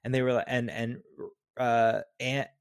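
A man co-hosting a podcast, talking about a film in a relaxed, hesitant way. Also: medium pitch, a little slow, gravelly, smooth, dry recording. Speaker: podcast co-host. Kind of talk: casual movie discussion.

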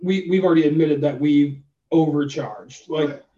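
A man's voice: fairly high pitch, normal speed, mellow. Guy telling a story on a podcast, acts out both sides, kinda dull far-off sound. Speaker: podcast co-host. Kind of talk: casual storytelling. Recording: roomy, distant, dull sound.

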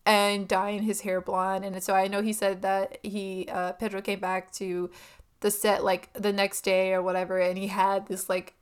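A woman's voice: mid-range voice, completely flat delivery, moderate pace, clear, resonant tone. A young woman chatting casually about a film, giggling and full of fillers and asides.

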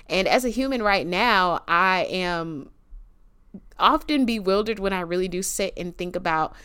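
Woman, 20s, podcast host, casual devotional chat, slangy, emotional, smooth voice. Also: mid-range voice, fairly bright tone. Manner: chatty, slangy, emotional and reverent.

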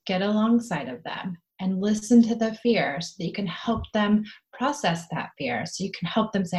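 A woman's voice: medium pitch, lively intonation, moderate pace, hardly any pauses, darkish tone. A middle-aged woman co-hosting a parenting podcast, talking in an earnest, encouraging way and now and then acting out playful scenes. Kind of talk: casual advice chat.

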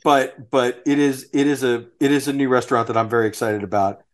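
A man's voice: mid-range voice, a little fast. A man hosting a podcast, chatting casually and listing dishes with frequent restarts. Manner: relaxed, restarts phrases while listing dishes. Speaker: podcast host. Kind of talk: casual chat.

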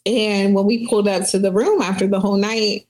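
A woman in her thirties telling a story casually as a podcast guest, animated and profane, filling her talk with "like". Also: medium pitch, fairly quick. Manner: animated, profane, heavy use of "like".

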